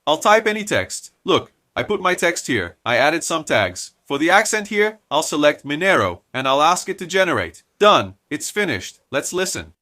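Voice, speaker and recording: A man from Brazil hosting a software tutorial, explaining each step and talking straight to his viewers. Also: a little high, very animated, normal speed, hardly any pauses, no echo, studio quality. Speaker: tech tutorial host. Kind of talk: screen-recorded software tutorial.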